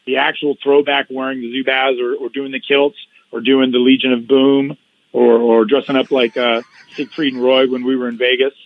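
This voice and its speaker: A middle-aged man as a podcast guest, telling anecdotes in a steady, wry way. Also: mid-range voice, moderate pace, no echo, muffled recording. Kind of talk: casual storytelling in an interview.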